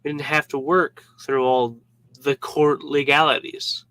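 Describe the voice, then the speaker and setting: A man's voice: a little high, flat delivery, unhurried, sharp tone, dry recording, poor audio. A man voicing an exasperated neighbor in a casual, mildly fed-up way, close to his own voice.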